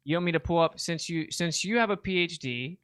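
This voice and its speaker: A man's voice: on the high side, brisk, a bit bright, clear, resonant tone. A man arguing sarcastically in a heated online debate, challenging his opponent.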